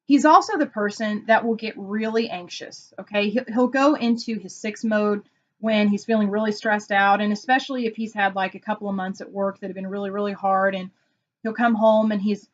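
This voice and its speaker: A woman's voice: medium pitch, a little fast, highs cut off. A woman consultant explaining personality types in a casual vlog, telling stories and acting out quotes. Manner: animated storytelling with acted-out quotes. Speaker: Enneagram consultant.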